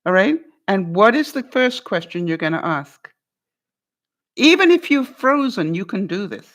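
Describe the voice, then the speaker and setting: In her life-advice vlog, a woman coaches a guest through a tough talk at a measured pace, her mid-pitched voice swinging widely in pitch. She stays upbeat and teasing, laughing often and asking "all right?" or "makes sense?" along the way.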